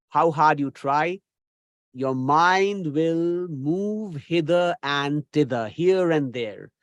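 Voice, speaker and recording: A man lectures in a deliberate, instructive manner, circling back over his key phrases. His voice sits a little high and moves with a lively rise and fall. The recording is close and dry, and he is still recovering from a cough. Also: dry recording. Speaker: English communication trainer.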